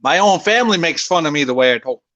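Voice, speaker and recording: A man's voice: fairly high pitch, animated, quick pace, pushed and bright, slight background noise. A man hosting a casual live stream, talking crudely and profanely with viewers and co-hosts over voice chat. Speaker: streamer host. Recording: slightly dull lo-fi voice chat.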